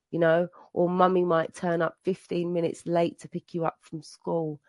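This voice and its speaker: A woman's voice: fairly low pitch, level tone, moderate pace, few pauses, a little mellow, dry recording. A woman, a mother, sharing her personal recovery story at a meeting, telling it with emotion, repeating herself and restarting often. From England. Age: adult. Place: meeting room.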